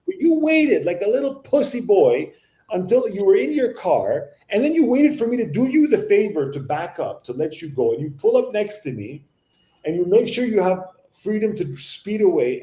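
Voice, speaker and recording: A man spins an animated, profane story in casual panel talk. His voice is dark and mellow. The room around him is roomy and echoey. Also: high-pitched, normal speed. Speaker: podcast panelist.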